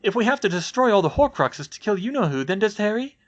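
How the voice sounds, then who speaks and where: A hot-headed, impulsive teenage boy wizard, put on by a man reading the storybook. He blurts out his words a little higher than the narrator's own voice and gets loud quickly. There is little calm in him. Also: lo-fi sound. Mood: worried.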